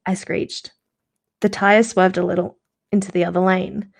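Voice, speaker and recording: A woman reading a novel aloud in a relaxed live-stream manner. Her voice carries steady vocal fry, and she stops now and then to correct a misread word or add a quick aside before going on. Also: lowish voice. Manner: reads aloud, corrects slips and adds asides. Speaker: reader of novels.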